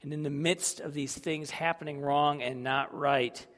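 Slow-spoken preacher in a reverberant hall. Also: male voice, a little high, fairly even intonation. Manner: dramatic, swings from hushed to loud. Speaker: pastor. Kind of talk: sermon. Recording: long reverb of a large hall.

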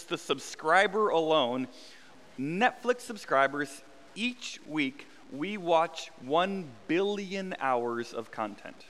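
A pastor in his thirties gives a sermon in a church sanctuary. His voice is bright and smooth, and it carries a long reverb through the hall. He talks to the congregation like friends, with easy self-deprecating humor, and he repeats key phrases to drive them home. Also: high voice.

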